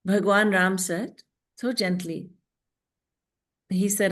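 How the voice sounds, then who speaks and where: A woman spiritual teacher speaks in an earnest, storytelling way through a devotional lecture, recorded over a video call. She slows down to recite scripture verses, and her voice sits at a middling pitch.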